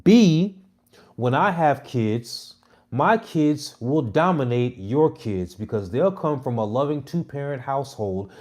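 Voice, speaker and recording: A man in his thirties delivering a brash, mocking monologue to his viewers, with loud jabs and muttered asides. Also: medium pitch. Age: 30s. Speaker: comedy content creator. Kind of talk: casual provocative monologue.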